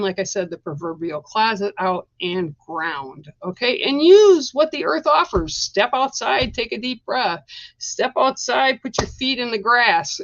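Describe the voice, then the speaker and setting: A woman's voice: fairly high pitch, fairly bright tone, dry recording, lo-fi sound. A woman giving a chatty, reassuring live-stream card reading, talking straight to her viewers. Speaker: psychic card reader.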